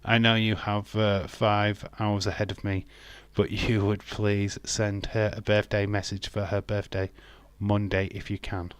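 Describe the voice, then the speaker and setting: A man's voice: fairly low pitch, completely flat delivery, measured pace, hardly any pauses, clean tone, dry recording. A man with an English accent, chatting casually as host of a live wrestling watch-along, joking and answering viewer messages. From England. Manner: chatty, jokey, reads viewer chat aloud.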